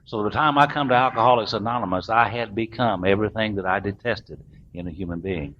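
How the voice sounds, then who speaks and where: A middle-aged man from the American South speaks in a low, unhurried drawl, joking at his own expense as he tells a meeting his story. The recording sounds dull and lo-fi, with a faint hiss of room noise underneath. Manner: folksy, self-mocking, drawling humor. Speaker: recovering alcoholic speaker. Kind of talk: storytelling talk to a recovery meeting.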